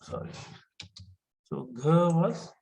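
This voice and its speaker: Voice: medium pitch, animated, slow pace, creaky, a little mellow, slight background noise, low-quality recording. A teacher, giving an online lesson step by step and patiently repeating each point.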